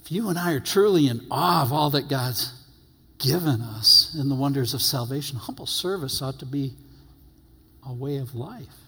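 A man preaching a sermon, reading scripture aloud and stressing his phrases slowly and emphatically. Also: mid-range voice, lively intonation, creaky, sharp tone, breathy edge. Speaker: pastor. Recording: long hall reverb.

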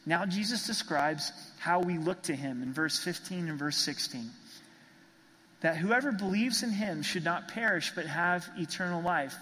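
A man preaching with a bright, fairly high voice, earnest and emphatic as he repeats his key phrases. His words ring out with a long reverb, like a church hall. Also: a little slow, slight background noise. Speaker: pastor. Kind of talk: sermon.

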